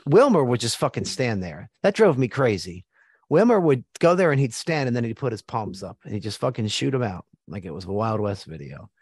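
A man's voice: medium pitch, a little mellow, husky, no room sound. An American man hosting a casual sports chat, blunt and joking with plenty of swearing. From United States.

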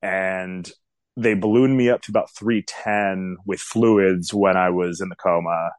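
A man's voice: low voice, fairly even intonation, a little slow, no room sound. A man in his forties telling a personal story in a casual interview, candid and rambling, with many fillers. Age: 40s.

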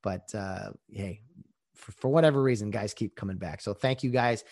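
A man's voice: fairly low pitch, normal speed, a little mellow, dry recording. A man hosting a casual solo sports podcast, rambling conversationally with lots of fillers, sounding a little out of breath with a sore voice, in a small home studio. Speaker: podcast host.

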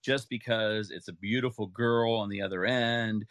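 A man with a lowish voice hosts a casual podcast conversation. He is emphatic and stacks repeated words to drive his points home. The sound is close and dry. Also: steady tone, normal speed, a bit bright, dry recording. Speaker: podcast host. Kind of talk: casual chat.

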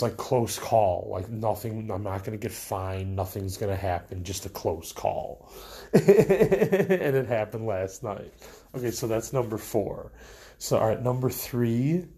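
A man's voice: lowish voice, a little mellow. Young guy rambling through stories, like and you know everywhere, trips over his words a lot. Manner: rambling, many fillers and restarts. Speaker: vlogger. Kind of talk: casual storytelling to camera.

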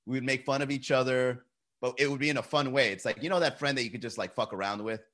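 A man's voice: medium pitch, quick pace, a bit bright. A young man chatting casually on a live stream, telling loose, profane stories and laughing often.

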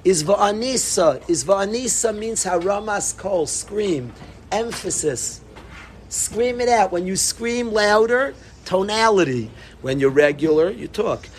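A middle-aged man giving an animated Torah talk to students, repeating himself and bursting into emphatic calls. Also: high-pitched, a little hiss or hum. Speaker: yeshiva rabbi.

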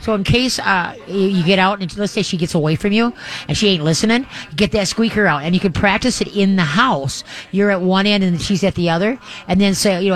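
A man's voice: high-pitched, brisk, a bit bright. A man hosting a live call-in radio show from a remote event, giving dog training advice in a rambling, folksy way with many restarts.

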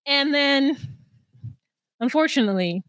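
High-voiced animated woman podcaster. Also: unhurried, no room sound, clean studio sound. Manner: animated, acts out voices of people she retells. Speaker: podcast co-host. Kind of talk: casual chat recapping a reality show.

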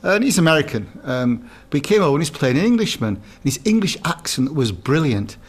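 Guy telling a funny story on a podcast, slightly high voice, does little voices and laughs a lot. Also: a little fast, husky. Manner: animated anecdotes, mimics voices, laughs often. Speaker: co-host. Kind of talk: casual podcast chat.

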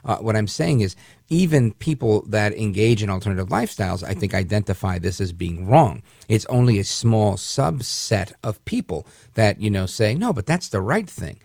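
A man's voice: on the low side, expressive, moderate pace, vocal fry, darkish tone, no room sound, studio quality. A man hosting a syndicated talk radio show, delivering an indignant, rambling monologue with frequent restarts. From Puerto Rican heritage, raised in the northern US.

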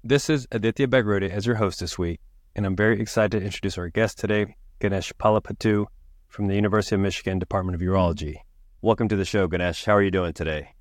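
In a quick, fairly even delivery, a man with a fairly low pitch hosts a medical podcast, opening the show and introducing his guest in an upbeat, welcoming way. The studio-quality recording has no echo, and the format is a host introduction and interview.

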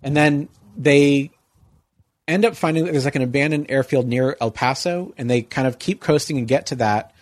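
A man's voice: medium pitch, normal speed, no room sound. A man telling a long story in casual chat, rambling with lots of "like" and "you know".

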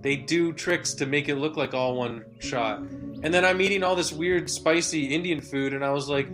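A man hosting a comedy podcast, doing a mock meditation bit with rambling absurd asides, swinging from loud rants to hushed calm. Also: on the high side, normal speed. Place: live online event. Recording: music playing under the voice. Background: soft guitar music.

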